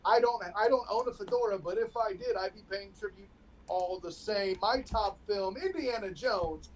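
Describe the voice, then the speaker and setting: A man's voice: high voice, normal speed, slight background noise, low-quality recording. Guy cohosting a comedy podcast, sarcastic, ribbing his buddy, loose and chatty. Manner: teasing, sarcastic. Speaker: podcast co-host. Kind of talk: casual banter.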